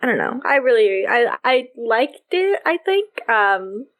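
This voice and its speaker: A young woman co-hosting a podcast in casual chat, animated and laughing often as she acts out what characters say. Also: a little high, measured pace. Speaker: podcast co-host.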